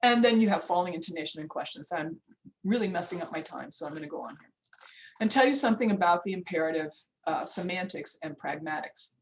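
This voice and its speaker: A woman's voice: lowish voice, lively intonation, fast, poor audio. An older woman professor lecturing on linguistics over a video call, informal and chatty, with frequent restarts and asides. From United States. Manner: frequent restarts, checks the time aloud. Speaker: linguistics professor giving a workshop talk. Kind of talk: academic lecture.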